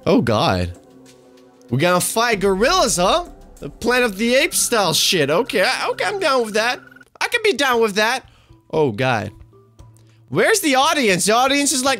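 A young man commentating gameplay, excitable, cursing freely and swinging between shouts and mutters. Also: high voice, measured pace, soft background music. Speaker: gaming YouTuber.

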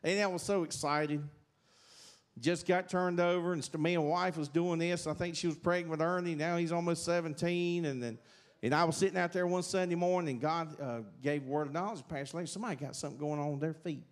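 Southern man, middle-aged, church testimony, rambling folksy talk, somewhat high voice. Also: fairly even intonation, a little fast. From South Carolina, USA. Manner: rambling, folksy, many fillers and restarts. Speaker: church speaker giving testimony. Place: church sanctuary.

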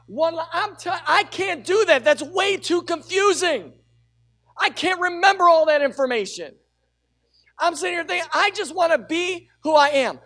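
A middle-aged man preaching a sermon as pastor, telling a personal story with lively energy and urging the congregation to call out. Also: very high-pitched, moderate pace. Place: church sanctuary with a congregation.

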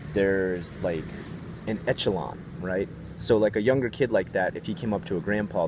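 A man with a deep, low voice rambles through a story for his vlog, swearing freely and getting worked up as he retells it. A faint hum sits behind him. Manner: profane, rambling, animated retelling. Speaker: vlogger. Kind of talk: casual storytelling rant.

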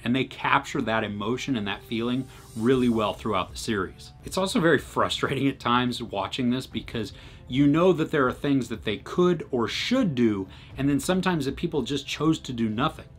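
A man's voice: mid-range voice, slightly rough. A man hosting his own review channel, talking through a series in a conversational, earnest way with frequent restarts. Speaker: movie reviewer and channel host. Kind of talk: casual solo video review.

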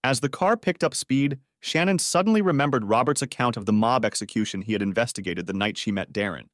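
A man's voice: medium pitch, brisk, dry recording. A man narrating a dramatic audiobook story in a scripted reading, on a close studio mic.

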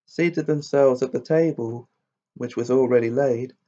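Man, fairy tale reading, measured, mellow, dull lo-fi recording. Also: medium pitch. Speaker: storyteller. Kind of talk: fairy tale read aloud.

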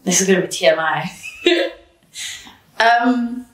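A woman telling a personal story in an interview, blunt and animated, swearing freely. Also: medium pitch, slow. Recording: roomy, distant mic.

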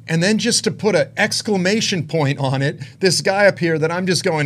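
A man preaching, telling a personal story with emotion, dropping to hushed tones and rising to intense ones. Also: medium pitch, expressive, normal speed, few pauses. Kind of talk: sermon testimony.

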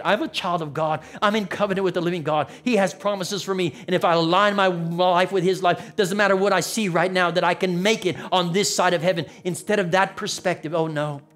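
A man preaching a sermon as pastor, with a repetitive, building cadence that rises into dramatic quoted lines. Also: high voice. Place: church sanctuary.

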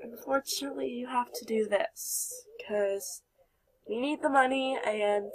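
A woman's voice: fairly high pitch, unhurried. A young woman giving casual let's play commentary, chatty and giggly, talking to her game characters. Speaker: gameplay commentator.

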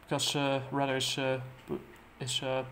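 A man casually recapping a comic book plot, halting and full of fillers and restarts. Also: mid-range voice, monotone, fairly bright tone, a little hiss or hum.

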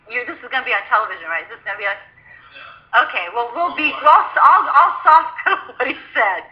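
A woman telling a story in an animated way, often restarting and repeating herself. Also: high-pitched. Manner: halting, with frequent restarts and repeats. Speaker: speaker recounting events. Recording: dull lo-fi recording.

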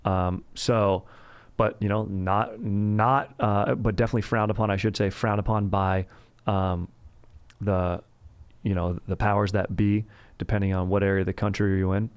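Gravelly podcast host. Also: male voice, on the low side, steady tone, moderate pace, no echo, muffled recording. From Southern California. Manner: rambling, slangy, crude. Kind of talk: comedic history podcast.

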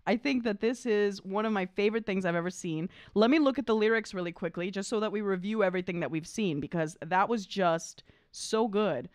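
A woman's voice: mid-range voice, fairly quick, few pauses, no echo. Gushing woman streamer, dry sound. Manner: gushing, effusive, heavy use of "like" and "I mean". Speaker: opera singer and vocal coach hosting a reaction stream. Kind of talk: live reaction chat.

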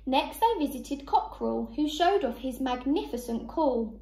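A woman teacher reading a picture book aloud to young children, slow and expressive. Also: high-pitched, roomy sound.

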